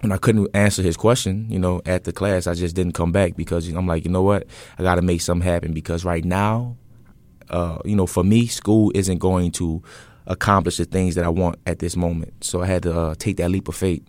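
A man's voice: sits low, a little fast, no room sound. A young man, talking casually as an interview guest and telling his story with lots of fillers. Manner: relaxed, rambling storytelling with many fillers. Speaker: interview guest, event business owner.

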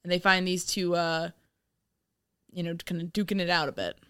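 A woman's voice: fairly low pitch, steady tone, normal speed, pushed and bright, clean tone, no room sound, clean studio sound. Giggly woman podcast co-host. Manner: giggly, rambling with fillers. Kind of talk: casual chat.

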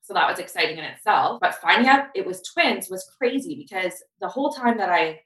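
A woman guest on a podcast telling her story in a chatty, animated way. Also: mid-range voice, fairly quick, roomy sound, far from the mic, poor audio. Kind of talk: casual podcast chat.

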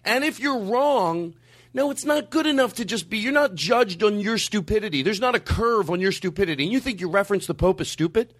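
A man ranting in a heated conversation, emphatic and argumentative, sometimes rising to near-shouting. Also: high voice, expressive, a little fast.

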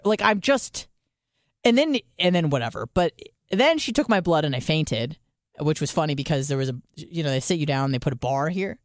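This podcast co-host speaks low and fairly quickly, recorded cleanly in a studio with no room sound. Her storytelling is loose and funny, full of profanity, and she performs both voices in the conversation with lots of energy.

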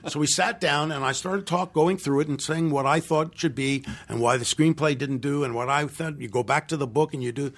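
A gravelly, husky older man recalls his filmmaking days in a loose, rambling way. He often restarts his sentences and acts out what other people said. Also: fairly high pitch, steady tone, fairly quick, hardly any pauses, fairly bright tone. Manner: rambling anecdotes with restarts and acted-out quotes. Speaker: film director. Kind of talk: casual interview storytelling.

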